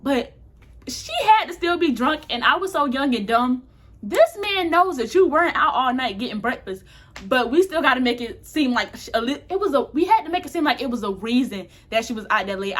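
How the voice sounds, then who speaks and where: A woman's voice: a little high, fairly bright tone. A young woman vlogger telling a loose, frank story in casual chat, swearing freely as she goes. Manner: chatty, frank, laces story with profanity; talks a bit tipsy and loose.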